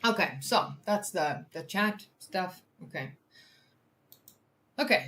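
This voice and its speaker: A woman's voice: deep voice, sing-song, a little slow, a bit bright. A woman hosting a livestream, chatting casually with viewers and reading articles aloud, laughing easily and stumbling over hard words. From Netherlands. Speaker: livestream host, science communicator.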